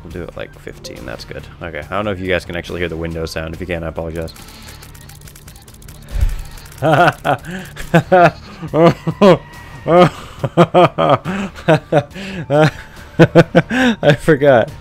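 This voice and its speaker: A man's voice: low voice, racing, vocal fry, few pauses, a bit bright, soft background music. A young man casually commenting on his own gameplay, rambling, correcting himself and laughing often, on a headset mic. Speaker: gaming video host.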